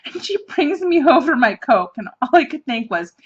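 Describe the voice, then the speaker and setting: A woman in her thirties hosts a casual podcast, her voice sitting a little high. She tells everyday stories in an animated, chatty way and breaks into laughter often. The recording is dull and lo-fi. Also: measured pace. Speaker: podcast host. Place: office.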